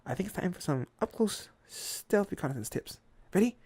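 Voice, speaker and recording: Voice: mid-range voice, animated, normal speed, a little mellow, slightly rough, no echo, pitched above the performer's own voice. A reader voicing a chipper, confident young superhero woman in an ASMR comic reading. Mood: plucky.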